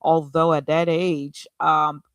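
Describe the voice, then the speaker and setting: A woman's voice: deep voice, flat delivery, slow, clean tone, no echo, studio quality. A woman co-hosting a podcast with her siblings, chatting casually in a playful, upbeat way. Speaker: podcast co-host. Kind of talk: casual chat.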